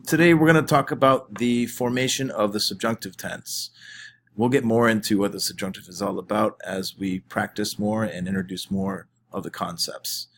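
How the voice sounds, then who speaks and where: A man's voice: fairly low pitch, moderate pace, a bit bright. A man teaching his class in a recorded lesson, explaining step by step with small fillers and restarts. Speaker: French teacher.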